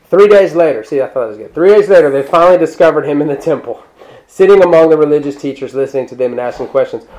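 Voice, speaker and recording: A male pastor preaching a sermon in a conversational, animated way, breaking off into asides and restarting his sentences. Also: mid-range voice, racing, muffled recording. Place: church.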